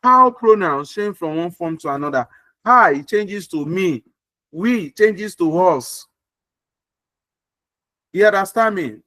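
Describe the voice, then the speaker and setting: A man's voice: high voice, animated, slow, long pauses, sharp tone, dry recording. A man teaching an online English grammar class on a video call, repeating points and asking if students follow. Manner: repeats points and checks understanding often. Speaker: English tutor.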